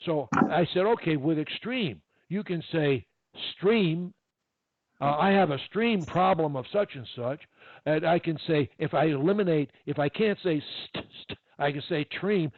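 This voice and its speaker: A man's voice: a little high, lively intonation, moderate pace, no echo. A man coaching one-on-one over a video call, encouraging and repeating his key points. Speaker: speech coach. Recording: tinny, dry phone-like line.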